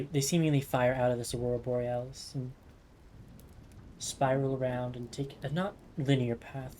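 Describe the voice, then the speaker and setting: Mellow-voiced man narrating a tabletop game. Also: mid-range voice, a little hiss or hum. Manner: slow, descriptive scene-setting. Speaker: game master.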